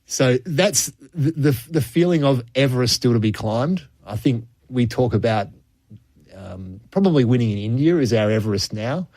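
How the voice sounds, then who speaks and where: A man's voice: medium pitch, lively intonation, normal speed, darkish tone, no room sound. An Australian man on cricket radio, chatting casually and telling stories from the game's history, chuckling as he goes. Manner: storytelling, chuckles often, with frequent restarts.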